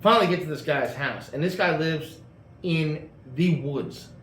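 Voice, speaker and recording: Guy rambling thru a story w/ lots of uh's, kinda high voice, echoey room, faint hum behind. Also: measured pace, a bit bright. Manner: rambling, lots of fillers and restarts. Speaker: host telling a car story. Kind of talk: casual storytelling.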